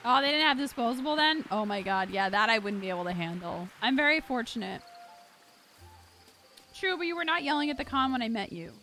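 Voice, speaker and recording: A young woman streaming a video game live, chatting casually to her viewers with excitable, loud outbursts. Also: a little high, brisk. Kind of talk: casual live-stream chat while gaming. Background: game music.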